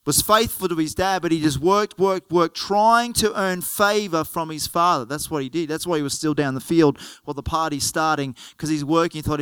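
A man preaching a storytelling sermon and acting out each character. His voice sits high and sounds smooth and resonant. The recording is dry and close. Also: normal speed, fairly bright tone, no echo. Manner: storytelling, earnest, acts out the characters.

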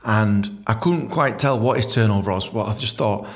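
A man telling a comic story from his own book, swearing a lot, laughing often and jumping into a squeaky high voice to act out his younger self. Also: normal speed, creaky. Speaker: comedian reading his memoir. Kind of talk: casual storytelling with read-out chapter.

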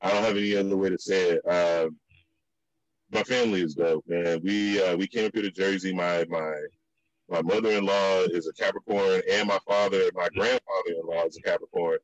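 Man from virginia-dc, low voice, dry dull lo-fi sound, animated storyteller. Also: brisk, dry recording. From Virginia / DC area. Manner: animated storyteller, many restarts, jumps high for acted quotes. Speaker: guest. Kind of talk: casual storytelling chat.

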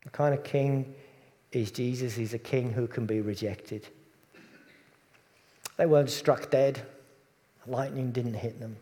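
A man delivers a conversational sermon at a middle pitch. He often sinks to soft, hushed tones on tender points. His voice rings with the long reverb of a church hall. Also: steady tone, measured pace, pauses often. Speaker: preacher.

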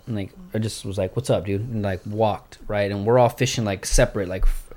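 A man telling a fight story in casual, profane, animated chat. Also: fairly low pitch, brisk.

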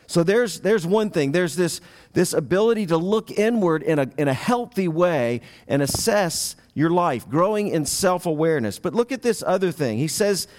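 A middle-aged man, a pastor, preaching a sermon in a relaxed storytelling way, with asides and questions to the listeners. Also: fairly high pitch. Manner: conversational storytelling with asides to the audience.

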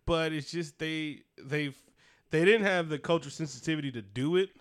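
Smooth-voiced man telling stories with profane humor. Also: on the high side, moderate pace. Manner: profane, laughing storyteller. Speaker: podcast co-host. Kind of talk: casual chat.

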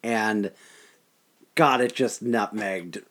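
A man's voice: lowish voice, extremely slow, fairly bright tone. A man co-hosting a casual sports podcast, talking over hockey plays with joking, sarcastic banter. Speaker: podcast co-host.

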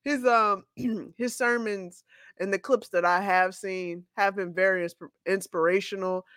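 A woman co-hosting a podcast in casual chat, relaxed and laughing often. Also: mid-range voice, unhurried, no echo, clean studio sound. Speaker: podcast co-host.

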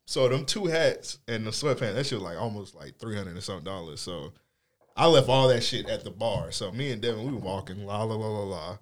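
A man's voice: lowish voice, animated, brisk. Laid-back podcast guy telling stories, lotta slang, voice goes up and down a bunch. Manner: laid-back slang-heavy storytelling, laughs often. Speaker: podcast host. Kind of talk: casual storytelling chat.

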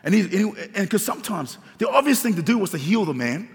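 High, gravelly-voiced preacher in echoing hall. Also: male voice, very animated, fast talker. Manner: preaching with rising emphasis and repeated phrases. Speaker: pastor. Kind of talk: sermon. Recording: long reverb of a large hall.

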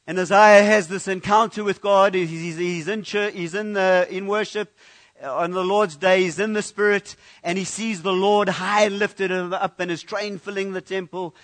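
A man's voice: high-pitched, fairly bright tone. A man preaching a conversational sermon in a church, often restarting and repeating words as he speaks. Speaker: pastor.

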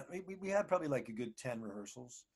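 Husky guy rambling through a story in an interview, lots of you know and restarts. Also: medium pitch, fast. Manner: rambling, animated, with many restarts and fillers. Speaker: actor and singer, guest.

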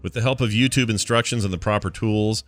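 A man's voice: on the low side, fast, no echo. A man co-hosting a casual morning show, reading odd news stories aloud and adding wry side comments. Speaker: podcast co-host.

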